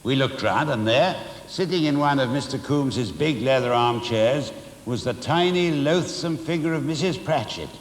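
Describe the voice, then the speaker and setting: A man reading a memoir aloud with expressive, dramatic storytelling and occasional asides. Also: medium pitch, normal speed. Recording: roomy hall reverb.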